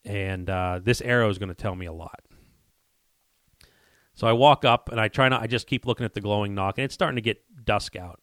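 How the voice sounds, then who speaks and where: A man's voice: fairly low pitch, fairly quick, fairly bright tone, dry recording, studio quality. A man telling a story in casual conversation, acting out quoted dialogue with frequent restarts and repeated words. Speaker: guest telling a hunting story.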